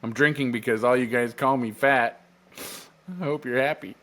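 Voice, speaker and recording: A man's voice: medium pitch, fairly even intonation, moderate pace, fairly bright tone, a little hiss or hum. A young man co-hosting a podcast in casual chat, jokey and self-mocking, with playful gasps. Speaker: podcast co-host.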